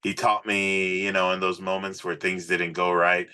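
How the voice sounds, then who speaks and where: A man, a rock musician guest, telling road stories in a casual, swearing, animated way on a podcast. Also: low voice, moderate pace, clear, resonant tone. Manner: profane, animated storyteller. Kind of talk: casual storytelling interview.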